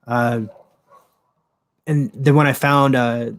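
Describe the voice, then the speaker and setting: Speaking slowly in a steady, medium-pitched voice, a man hosts his own livestream show with casual solo commentary. He rambles, swears, and uses lots of fillers, talking into a desktop microphone fitted with a pop filter.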